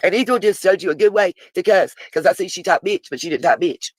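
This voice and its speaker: A woman's voice: on the low side, fast talker, no echo, low-quality recording. Woman, live stream host; blunt, swears freely, reads messages aloud; dry close mic. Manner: chatty, talks back to viewers in chat.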